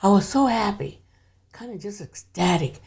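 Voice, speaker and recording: Older woman guest for a podcast chat: low, dark, gravelly voice, soft and hushed delivery. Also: lively intonation, moderate pace. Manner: hushed, drops to near whisper at times. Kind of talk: casual storytelling.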